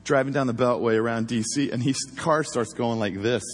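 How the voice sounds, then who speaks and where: A former police officer telling a story in a casual, animated way, acting out the voices he quotes. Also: medium pitch, brisk, long reverb tail.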